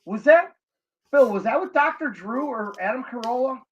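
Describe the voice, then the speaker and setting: A man's voice: extremely high pitch, animated, moderate pace, highs cut off. A man co-hosting a podcast in casual chat, teasing and crude. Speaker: podcast co-host.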